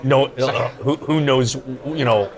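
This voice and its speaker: Over lunch in a busy restaurant, a podcast co-host chats in a halting way, repeating words and leaning on fillers. His voice sits in the middle range, and crowd chatter from the restaurant runs behind him.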